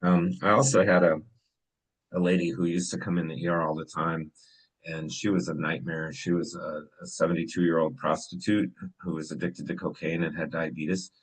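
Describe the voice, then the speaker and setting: A middle-aged man with a very low, deep voice tells stories in an easy, loose way, full of small fillers. He speaks to students as an emergency doctor, chatting rather than lecturing. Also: normal speed, husky, poor audio. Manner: relaxed, conversational, many fillers. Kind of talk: casual storytelling talk.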